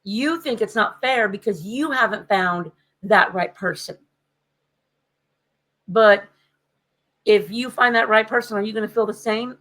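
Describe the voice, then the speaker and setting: A woman in casual conversation who retells her experiences with animated emphasis, her voice jumping up when she makes a point. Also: mid-range voice, unhurried, pauses often, low-quality recording. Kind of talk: casual chat.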